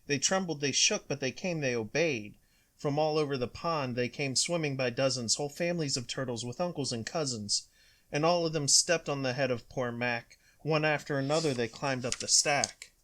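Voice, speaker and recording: A man, a father, reading a rhyming picture book aloud with a steady rhythm. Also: medium pitch, normal speed.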